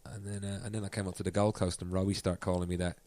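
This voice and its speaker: A man's voice: deep voice, flat delivery, racing, warm tone, no echo. A man from Ireland with an Irish accent, a guest musician telling a story in casual chat and laughing often.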